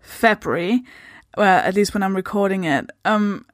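A woman from Denmark with a Danish accent, hosting a podcast in a casual unscripted intro, tired and halting, stopping mid-sentence. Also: mid-range voice, no room sound, clean studio sound. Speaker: podcast host.

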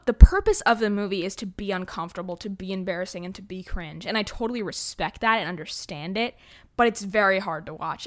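A woman's voice: medium pitch, bright, forceful tone. A teenage girl hosting her own podcast, rambling casually with lots of "like" and "um" and plenty of self-deprecating asides. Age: teens. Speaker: podcast host. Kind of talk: casual solo podcast chat.

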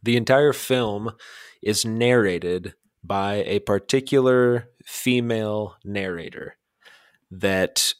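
A man co-hosting a podcast, chatting casually in a slow, rambling, self-deprecating way. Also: lowish voice, clean tone, dry recording, studio quality. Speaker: podcast co-host.

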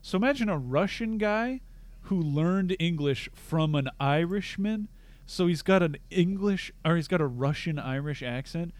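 A man's voice: on the high side, expressive, normal speed. A young man co-hosting a podcast, chatting casually with friends in a joking, rambling, self-mocking way. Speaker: podcast co-host. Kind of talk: casual chat.

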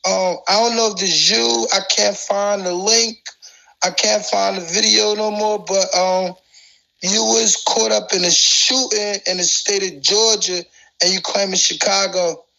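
A woman's voice: medium pitch, fairly even intonation, measured pace, vocal fry, sharp tone, poor audio. A woman rambling in casual chat, crude and boastful, laughing constantly between lines.

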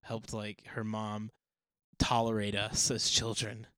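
A man's voice: fairly low pitch, monotone, fairly bright tone, clear, resonant tone, no echo. A man joking and bantering in a casual podcast chat. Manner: joking, quick banter with laughs.

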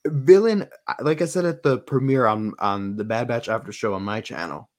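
A man co-hosting a podcast in casual chat, animated and acting out quotes in voices. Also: mid-range voice, normal speed. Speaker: podcast co-host.

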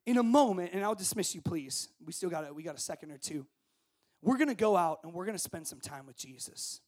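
A man with a noticeably high voice delivers a camp sermon into a handheld microphone. He shouts at the peaks, then softens to hushed, intimate invitation when he leads the prayer. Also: expressive, fairly quick. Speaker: camp speaker. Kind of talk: sermon to students.

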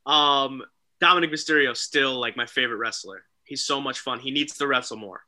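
A man co-hosting a casual wrestling talk show, excitable and animated, often mimicking people. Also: medium pitch, fairly quick, slight background noise. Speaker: podcast co-host.

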